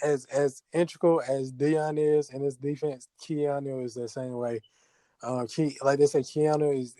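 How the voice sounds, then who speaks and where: A man's voice: medium pitch, mellow, no room sound. A man co-hosting a casual sports talk show, talking in a hesitant way with many restarts. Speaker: podcast co-host.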